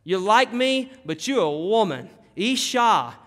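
A preacher voicing the first man Adam, shouting in wonder and repeating his words. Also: high-pitched, big pitch swings, slow pace, heavily acted. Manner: exclaiming, repeating words breathlessly. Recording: long hall reverb.

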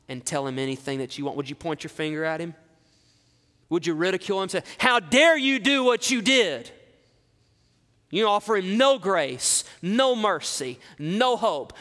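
A man preaching an expository sermon, reading scripture dramatically and dropping low for asides. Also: a bit bright, big-room sound. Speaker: pastor.

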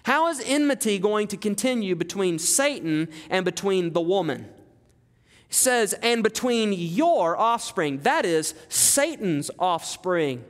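A man's voice: high voice, big pitch swings, measured pace. A man preaching an expository sermon, emphatic, repeating phrases and asking the congregation rhetorical questions. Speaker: pastor. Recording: long reverb of a hall.

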